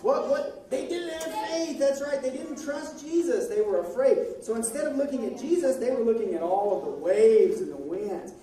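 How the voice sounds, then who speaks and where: High-voiced woman leading children in a big echoey hall. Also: moderate pace, hardly any pauses. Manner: animated, coaxing, prompts lines for children to repeat. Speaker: children's ministry teacher. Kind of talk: directing a children's Bible skit. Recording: echoey hall, distant mic, children chattering.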